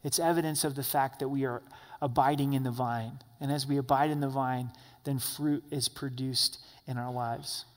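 A man preaching a sermon as pastor of a church, emphatic at times and soft and quiet at others. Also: medium pitch, steady tone, normal speed. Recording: long hall reverb.

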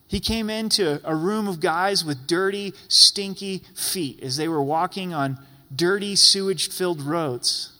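A man's voice: on the high side, a little slow, sharp tone. A man preaching a sermon as a pastor, emphatic and repeating phrases for effect. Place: church sanctuary. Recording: long reverb in a large church hall.

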